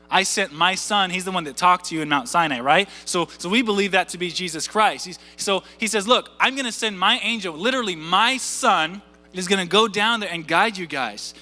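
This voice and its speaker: A man in his thirties preaching a sermon in a church, animated and conversational, full of asides and rhetorical questions. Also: high-pitched. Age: 30s. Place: church sanctuary. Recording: church hall reverb with faint music.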